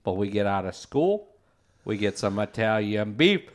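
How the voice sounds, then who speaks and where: A man's voice: fairly low pitch, big pitch swings, normal speed. A man from the co-hosting a podcast, teasing his partner and doing goofy voices. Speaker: podcast co-host. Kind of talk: casual podcast banter.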